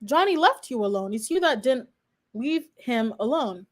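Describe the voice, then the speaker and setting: A woman's voice: on the high side, expressive, normal speed. A woman in her twenties, a law student reacting live and chatting straight to her viewers. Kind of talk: live reaction stream commentary.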